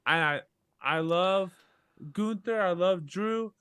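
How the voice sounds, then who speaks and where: A man co-hosting a podcast in a loose, joking manner. His voice sits a bit high, and the sound is dry and close with no room around it. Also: slow, clean tone, no echo. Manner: joking, animated storytelling about drinking. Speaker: podcast co-host. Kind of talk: casual chat.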